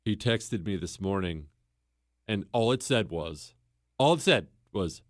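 A man's voice: lowish voice, animated, a little slow, dry recording, clean studio sound. A young man hosting a podcast, delivering a political commentary monologue in an emphatic, rhetorical way, repeating words for effect and posing questions to his listeners. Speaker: podcast host.

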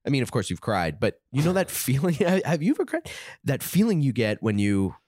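A man who is a podcast guest, talking in an animated, profane, self-mocking casual chat. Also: mid-range voice, a little fast, no echo, studio quality.

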